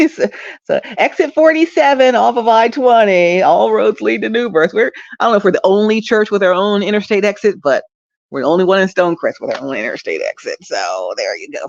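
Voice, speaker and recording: Gravelly-voiced woman chatting upbeat from bed. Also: lowish voice, no echo, lo-fi sound. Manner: upbeat, rambling, laughs often. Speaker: traffic reporter and streaming host. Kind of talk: casual direct-to-camera vlog. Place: at home, lying down.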